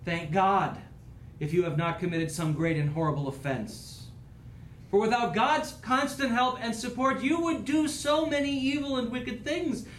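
A man's voice: very high-pitched, normal speed, a bit bright, echoey room, a little hiss or hum, poor audio. A man preaching a sermon as pastor, with an earnest, rising and falling preaching cadence.

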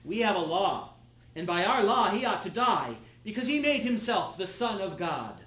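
Man reading as a loud, demanding mob. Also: high-pitched, very animated, normal speed. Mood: insistent. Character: angry crowd of men demanding death. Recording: echoey room.

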